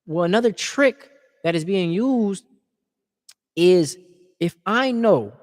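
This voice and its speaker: A man's voice: high voice, expressive, slow, big-room sound. A man speaking in an impassioned, informal preaching style, earnest and repeating words as he builds his points.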